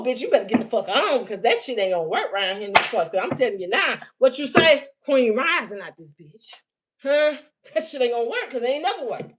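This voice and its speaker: A woman's voice: high voice, fairly bright tone. Heated, profane woman reading a livestream message. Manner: profane, heated and mocking, often laughing; reads out messages slowly, word by word. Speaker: livestream spiritual reader. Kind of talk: unscripted livestream reading and rant.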